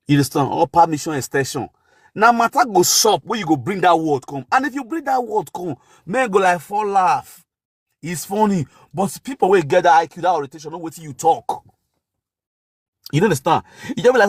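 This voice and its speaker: Animated Benin City man, Pidgin street talk. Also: on the high side, fairly quick, breathy edge, no room sound, studio quality. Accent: Nigerian Pidgin, Edo (Benin City). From Benin City, Nigeria. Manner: animated storyteller, shouting catchphrases, laughing. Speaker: talk show guest.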